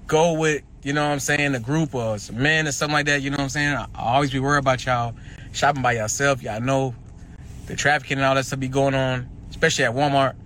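A man giving casual direct-to-camera commentary, animated and preachy, warning his viewers in slang-heavy talk. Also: mid-range voice, quick pace, a little hiss or hum. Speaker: social media commentator.

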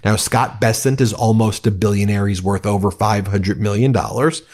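A man's voice: fairly low pitch, moderate pace, a little mellow. A man giving heated political commentary, angry and scornful, ranting at his opponents.

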